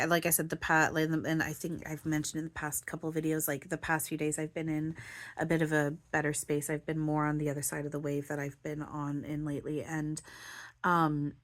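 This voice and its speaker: A woman with a low voice talks through her feelings in a loose, rambling monologue. She keeps restarting her sentences and leans on "like" and "you know". Her voice sounds close to tears. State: near tears, voice breaking. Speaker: spiritual channeler and vlogger.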